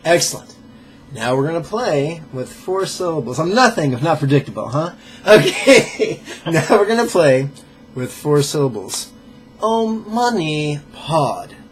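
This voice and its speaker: A man leading a pronunciation drill as a meditation teacher, playful and joking, sounding out syllables slowly and carefully. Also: fairly high pitch, sing-song, slight background noise. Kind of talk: pronunciation drill in a live lesson.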